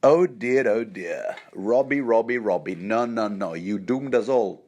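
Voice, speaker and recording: A man's voice: fairly low pitch, measured pace, darkish tone. A man voicing a worried noble mother who frets over and scolds her young son in a raised, fluttery voice. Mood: dismayed. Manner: fretful, chiding.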